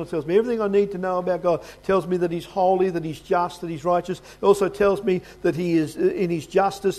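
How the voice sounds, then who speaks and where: A man with a fairly high voice preaches a sermon. He tells the story in anecdotes and voices both sides of an old conversation, then reads and explains Scripture at a church service. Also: darkish tone.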